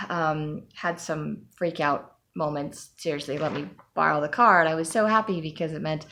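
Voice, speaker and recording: A woman's voice: low voice, fairly bright tone. A woman giving a candid, rambling personal update, with frequent ums and sighs. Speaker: vlogger.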